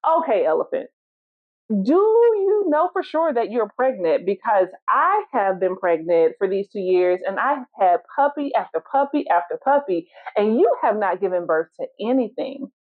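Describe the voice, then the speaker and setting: A woman's voice: medium pitch, sing-song, moderate pace, lightly acted. A woman voicing an eager, chatty female dog who keeps having puppies and asks pointed questions, told as a fable. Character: boastful impatient female dog, mother of many puppies. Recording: tinny phone-like sound.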